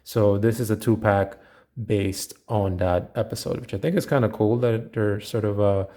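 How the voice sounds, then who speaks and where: A man in a casual unboxing video talks through collectible figures in a relaxed, meandering way. His voice sits a little low, and he fills pauses with plenty of uhs and ums. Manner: relaxed, rambling with frequent fillers. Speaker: toy collector reviewer.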